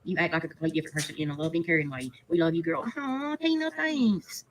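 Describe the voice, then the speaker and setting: A woman's voice: deep voice, flat delivery, racing, recorded from a distance, a little hiss or hum, low-quality recording. A woman from Kentucky, reading out viewer comments on a livestream, gushing and teary as she thanks people by name. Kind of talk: livestream chat.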